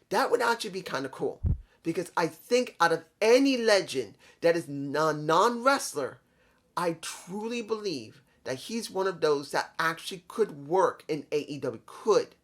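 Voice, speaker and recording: A man's voice: on the high side, a bit bright. A man reviewing a wrestling show in a casual vlog, rambling, repeating himself and talking straight to his viewers.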